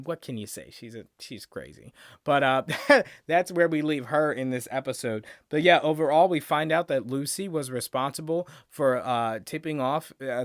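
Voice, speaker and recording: A man's voice: medium pitch, a bit bright, no echo, clean studio sound. A man hosting a reaction channel, recapping a TV episode in a casual, rambling way while thinking aloud.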